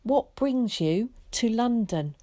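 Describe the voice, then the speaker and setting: A woman voicing a kind bus conductress who talks loudly and clearly. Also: fairly high pitch, expressive, takes it slowly, no room sound, voice pushed up. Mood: kindly. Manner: kind, raised voice. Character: kindly loud bus conductress.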